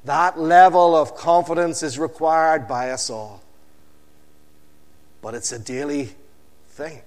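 A man preaching an evening sermon, slow and emphatic, with dramatic pauses and phrases that sink low and quiet at the end. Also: long reverb tail.

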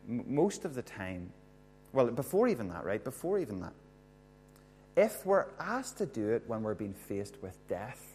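A man's voice: lowish voice, darkish tone. Man preaching conversationally. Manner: conversational, asks the audience questions. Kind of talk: sermon. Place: church hall with a screen.

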